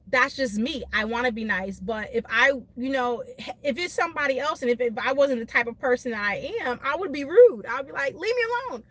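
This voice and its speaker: Woman vlogger, fairly high voice, emphatic live-stream rant from her car. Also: no room sound. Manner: animated, emphatic, laughs often, talks to chat by name. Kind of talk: casual venting rant to live viewers.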